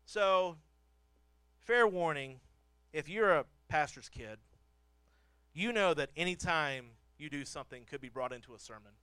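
A male pastor delivers a sermon with a high, bright, very lively voice that swoops up and down as he tells stories. He pokes fun at himself and doubles back on phrases to drive them home. The sound is smooth and dry, with no room echo. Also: unhurried, long pauses. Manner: animated, storytelling with self-deprecating humor; repeats phrases for emphasis. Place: church pulpit.

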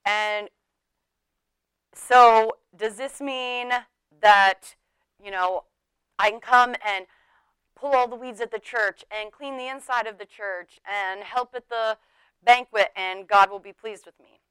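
A woman's voice: fairly high pitch, steady tone, slow, fairly bright tone, clear, resonant tone, no room sound, rough recording. A middle-aged woman teaching a sermon in a chatty way, laughing often and acting out the people she quotes. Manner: conversational, laughing, acts out quoted speech.

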